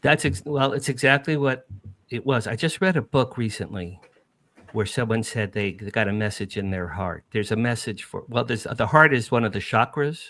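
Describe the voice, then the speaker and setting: A middle-aged man from New Jersey, appearing as a podcast guest, tells an emotional first-person story with animated, emphatic repetition. He speaks at a medium pitch and moderate pace.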